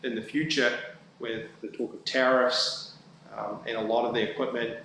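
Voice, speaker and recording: Male staffer, mid-pitch, halting council presentation, booming chamber echo. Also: level tone, bright, forceful tone. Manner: halting, many fillers and restarts. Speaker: town staff presenting budget. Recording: very echoey room, faint background noise.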